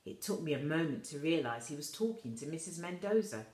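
A woman slowly reading a children's novel aloud, voicing the quoted characters a little higher. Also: lively intonation. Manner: slow, soft reading with quoted voices lifted higher. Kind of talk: storybook read-aloud. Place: school room. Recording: echoey room.

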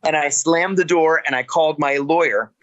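A middle-aged man with a slightly higher-than-usual voice, talking as a podcast guest. He tells anecdotes in an animated, casual way. He often backs up and restarts his sentences. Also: normal speed, muffled recording. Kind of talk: casual interview storytelling.

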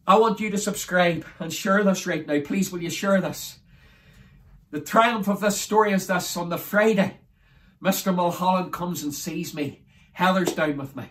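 A man's voice: high-pitched, fairly bright tone, distant mic. A man with a Derry accent from Northern Ireland, giving an emotional testimony sermon as an evangelist. He speaks fervently and rises to exclamations, sounding close to tears. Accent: Derry, Northern Irish.

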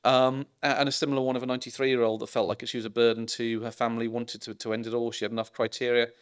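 A man's voice: medium pitch, level tone, quick pace, smooth. A middle-aged male doctor giving a public talk, telling anecdotes in a chatty way with ironic asides and frequent ums. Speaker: consultant geriatrician giving a public lecture. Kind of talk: informal public lecture.

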